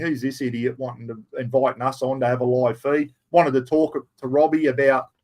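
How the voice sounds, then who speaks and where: A middle-aged Australian man hosts a casual live stream, fielding viewer questions in a blunt, rough-spoken and matey manner. His voice sits in the mid range.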